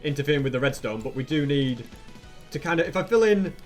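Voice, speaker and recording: A man's voice: fairly high pitch, expressive, fast, soft background music. A young man narrating his own gameplay in a chatty way, asking viewers rhetorical questions as he goes. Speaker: Minecraft YouTuber. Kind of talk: gameplay commentary.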